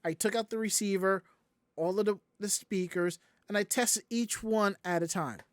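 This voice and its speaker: A man's voice: high voice, normal speed, no room sound, clean studio sound. A man from the American South, hosting a casual podcast and telling a long story that acts out everyone's quoted lines. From Southern United States. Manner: animated, acts out quoted voices. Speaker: podcast host.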